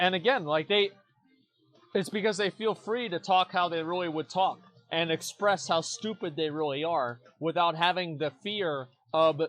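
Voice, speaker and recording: A young man with a slightly high voice gives casual commentary on a stream. He talks bluntly and mockingly, swears often, and stumbles over repeated words as he starts his points. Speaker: streamer reacting to forum posts.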